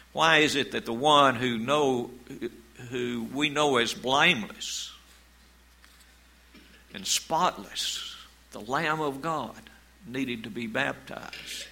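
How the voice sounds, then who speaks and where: A man preaching a sermon as pastor, in a slow, measured way, reading scripture aloud. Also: medium pitch, pushed and bright, poor audio.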